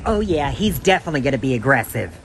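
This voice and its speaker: A man's voice: medium pitch, big pitch swings, fast talker, vocal fry, a little hiss or hum. A man narrating his prank to camera outdoors with wry, joking asides. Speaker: prank segment reporter. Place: parking lot outdoors.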